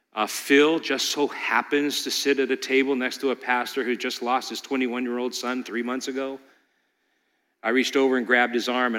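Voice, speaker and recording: A male pastor preaching a sermon, moving between loud pleading peaks and quiet storytelling. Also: medium pitch, in a large hall.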